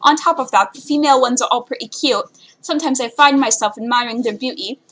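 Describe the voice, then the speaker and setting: A woman's voice: on the high side, fast talker, a bit bright, faint music behind, natural voice, rough recording. A woman voicing an enthusiastic young man who lectures about androids in an odd put-on accent. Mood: dreamy. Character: android-obsessed young male classmate.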